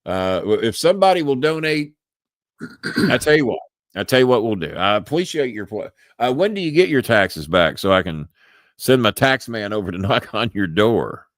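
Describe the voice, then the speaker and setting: This older podcast host from Louisville, Kentucky, has a Southern accent and a fairly low, sing-song voice with a fairly bright tone, moving at a moderate pace. He chats casually on a live stream, rambling, chuckling frequently and restarting words. Dry recording.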